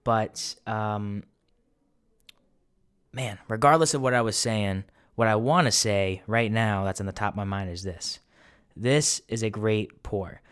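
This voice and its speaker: A man's voice: fairly low pitch, measured pace, a bit bright, clear, resonant tone. A man hosting a casual whisky tasting review in his apartment, rambling with lots of fillers and tangents. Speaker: host.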